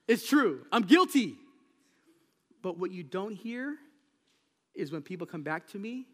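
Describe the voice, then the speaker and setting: A man preaching a sermon as pastor of a church, talking in a relaxed, conversational way and telling stories from everyday life. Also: high-pitched, measured pace. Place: church sanctuary. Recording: long reverb of a large hall.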